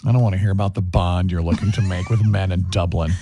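A man's voice: low voice, steady tone, fast talker, mellow, slight background noise. A man co-hosting a casual chat, teasing his co-host in a playful way.

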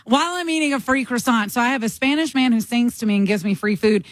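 A woman's voice: fairly high pitch, quick pace, no room sound. A woman from the United States telling a story in casual chat and acting out the people in it. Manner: animated storyteller acting out quotes.

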